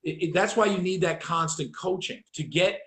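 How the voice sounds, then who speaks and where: A man's voice: high voice, moderate pace, reverberant. A man hosting a casual chat, telling dog-training stories with profanity and acted-out voices. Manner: profane, animated storyteller acting out voices.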